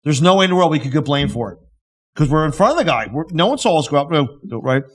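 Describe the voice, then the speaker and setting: A man co-hosting a podcast, telling a story with lively energy and acting out the people in it. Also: fairly high pitch, quick pace, husky. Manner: animated storyteller who acts out the people in his stories. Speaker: podcast co-host. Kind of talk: casual storytelling chat.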